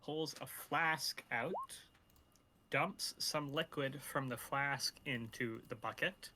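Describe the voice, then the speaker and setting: A man narrating as dungeon master in a tabletop game, pausing with fillers as he describes the scene. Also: mid-range voice, pushed and bright, a little hiss or hum.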